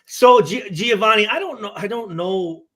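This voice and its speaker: A former player in his forties talks football on a podcast in a high-pitched voice. He stumbles and restarts his sentences a lot and swears freely as he tells his stories. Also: normal speed, bright, forceful tone. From Michigan. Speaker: former player and guest analyst. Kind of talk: casual podcast chat.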